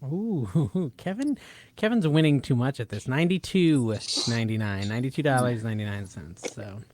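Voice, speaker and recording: A man hosting a podcast in casual chat, excitable and joking as he runs a price-guessing game. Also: mid-range voice, normal speed. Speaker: podcast host.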